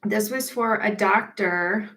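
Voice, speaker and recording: A woman hosting a relaxed live stream as a mortician, her voice sitting at an everyday middle pitch. She chats in a loose, rambling way, full of small pauses and restarts, and often breaks into light laughter between thoughts. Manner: rambling with frequent ums and restarts. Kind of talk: casual live-stream chat.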